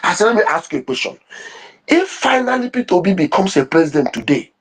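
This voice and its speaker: A fervent man with a husky, raspy tone and a high voice for a man. He delivers impassioned commentary, repeats phrases and stumbles over restarts as he pushes his point. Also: very animated, a little fast. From Nigeria. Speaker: online commentator.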